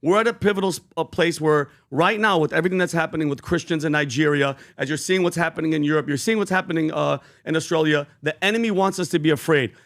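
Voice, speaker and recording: A man co-hosting a podcast, talking casually and retelling a Bible story in an earnest, preachy way, slowing down for emphasis. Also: on the high side, fairly bright tone. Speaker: podcast co-host.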